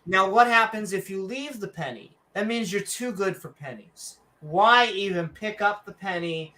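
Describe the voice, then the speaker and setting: A woman's voice: mid-range voice, normal speed, sharp tone. A woman co-hosting a casual livestream chat, joking and sarcastic, with mock-announcer asides. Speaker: podcast co-host.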